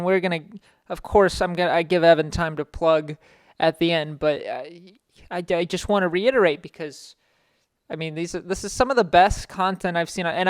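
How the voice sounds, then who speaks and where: Rambling young man, smooth and dry. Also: a little high, dry recording. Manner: rambling, self-interrupting, frequent restarts. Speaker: podcast host. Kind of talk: casual podcast chat.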